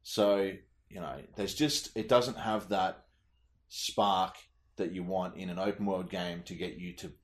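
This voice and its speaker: Deep-voiced blunt man. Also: steady tone, unhurried. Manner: blunt, heavy swearing, laid-back. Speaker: podcast co-host. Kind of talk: casual gaming chat.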